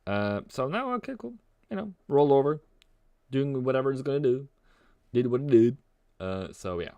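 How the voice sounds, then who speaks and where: A man's voice: mid-range voice, expressive, normal speed, mellow, smooth, no room sound, muffled recording. Young man, live-stream trader, loose jokey delivery, clean resonant tone, dry close mic. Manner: playful, rambling, sings and jokes between chart calls. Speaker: forex trading streamer. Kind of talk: casual live-stream commentary.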